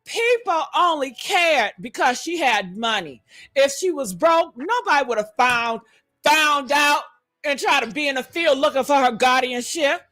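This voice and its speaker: A woman giving livestream commentary, loud and exclamatory with frequent whoops, calling her listeners honey and baby. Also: high voice, animated, measured pace. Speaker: streamer and commentator.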